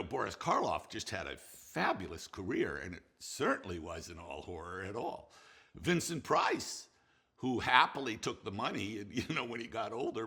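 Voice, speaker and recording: Gravelly older man telling lively stories. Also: lowish voice. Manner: animated, laughing, halting with restarts. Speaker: film director recalling a colleague. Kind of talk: anecdotal storytelling.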